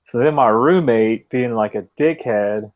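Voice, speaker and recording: A man's voice: mid-range voice, measured pace, phone-quality sound. A young man on a podcast telling a long, rambling anecdote in casual chat, swearing freely and filling with "like.". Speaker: podcast co-host telling a story.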